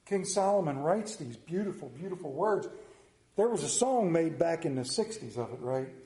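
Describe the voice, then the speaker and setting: A middle-aged man preaching a sermon to his congregation, telling stories in an animated way and putting questions to the room. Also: fairly high pitch, moderate pace. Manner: animated storytelling, acts out voices, asks the congregation questions. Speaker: pastor. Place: church. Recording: echoey church room.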